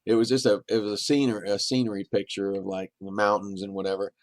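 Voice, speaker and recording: A man's voice: on the low side, flat delivery, fast, no room sound. A middle-aged man, a podcast guest, telling long rambling stories in a casual, anecdotal way. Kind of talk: casual storytelling.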